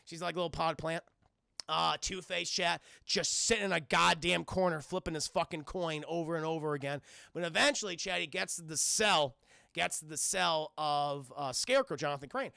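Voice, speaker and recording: A man giving a casual, profane, excitable scene-by-scene cartoon recap to a live chat, often laughing and acting out parts. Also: fairly high pitch, normal speed, gravelly, no echo, studio quality. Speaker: streamer reviewing a cartoon.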